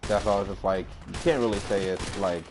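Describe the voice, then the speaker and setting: A man's voice: sits low, a little fast, background noise. A man casually chatting while streaming a game, rambling and ranting with some swearing. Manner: rambling, swears, animated rants. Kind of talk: casual gaming chat.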